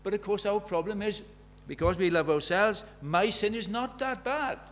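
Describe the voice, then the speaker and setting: Man, preacher, sermon in church, slightly high voice, emphatic, rhetorical questions, loud-to-hushed swings. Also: moderate pace.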